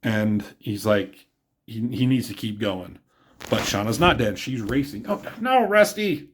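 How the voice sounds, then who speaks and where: A man's voice: lowish voice, a little slow, a little hiss or hum. Man casually rambling through a comic review. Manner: rambling, filler-heavy, chuckles at his own jokes.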